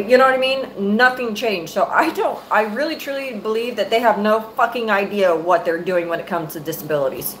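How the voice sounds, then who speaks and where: A woman's voice: mid-range voice, brisk, hardly any pauses, fairly bright tone, a little hiss or hum, poor audio. A middle-aged woman, a mother, angrily venting to her viewers on a live stream, cursing freely and close to her phone mic. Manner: angry, profane, venting.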